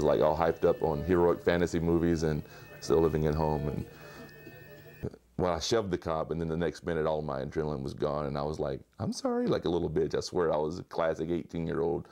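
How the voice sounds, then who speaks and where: A man's voice: very deep voice, darkish tone. A young man from South Arkansas, talking in a laid-back, rambling, self-mocking way in a documentary interview. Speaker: interviewee, costumed sign waver.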